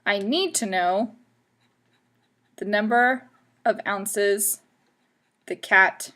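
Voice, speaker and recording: A woman's voice: medium pitch, extremely slow, bright, forceful tone. A woman math teacher explaining equations step by step in a patient, instructive way. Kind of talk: classroom math lesson video.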